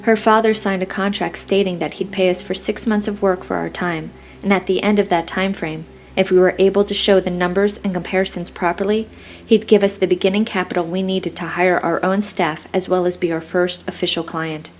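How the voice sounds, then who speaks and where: Low-pitched woman narrating a romance. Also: fairly even intonation, brisk. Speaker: audiobook narrator. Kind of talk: first-person romance narration.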